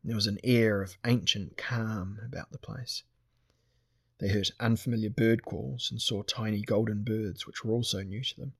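A man narrating a fantasy audiobook in a steady, measured way. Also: on the low side, gravelly, slightly rough, no room sound.

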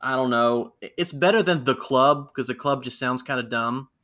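A young man co-hosting a casual wrestling recap podcast, animated and quick to laugh. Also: medium pitch. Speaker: podcast co-host.

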